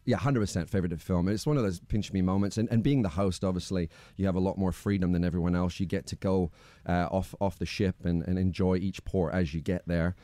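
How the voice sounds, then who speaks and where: Guesting on a studio radio show, a low-voiced TV host talks a little fast, spinning animated, cheeky anecdotes in casual, jokey chat. There's no room sound on the recording.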